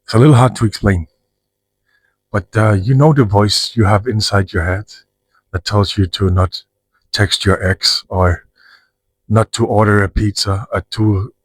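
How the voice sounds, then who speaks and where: A man's voice: fairly low pitch, steady tone, measured pace, pauses often, no echo, rough recording. A man talking frankly about his own life in a rambling, profane monologue with frequent restarts. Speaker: vlogger. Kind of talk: personal monologue to camera.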